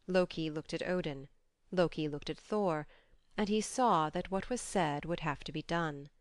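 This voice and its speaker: Female audiobook narrator, measured storytelling delivery, dry close recording. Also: sits low, no echo. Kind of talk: scripted narration of a myth.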